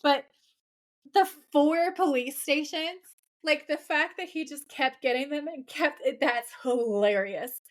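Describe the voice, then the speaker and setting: Chatty woman co-host, a touch high. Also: a little slow. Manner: animated, giggly, frequent "like" fillers. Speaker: podcast co-host. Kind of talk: casual chat recapping a TV episode.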